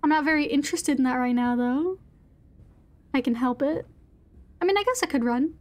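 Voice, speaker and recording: Woman streamer, high voice, playful, chatting with viewers during a game. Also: moderate pace, darkish tone. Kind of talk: casual gaming chat.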